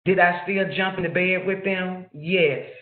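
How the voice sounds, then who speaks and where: Slow, reflective man on a thin call. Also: high voice, fairly even intonation. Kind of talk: personal story told in a webinar. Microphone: video call. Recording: echoey, phone-like call audio.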